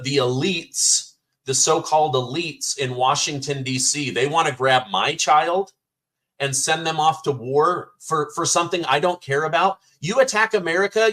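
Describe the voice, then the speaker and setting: A man's voice: a little high, a bit bright. A man in his forties hosting an interview, earnest and personal, often repeating words as he builds a question. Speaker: podcast host. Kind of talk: interview conversation.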